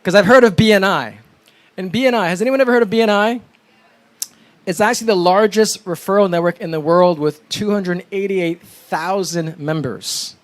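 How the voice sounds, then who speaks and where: A man from New York, an event emcee introducing the next speaker on stage with animated storytelling. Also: high-pitched, normal speed. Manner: animated storytelling, mimics phone calls.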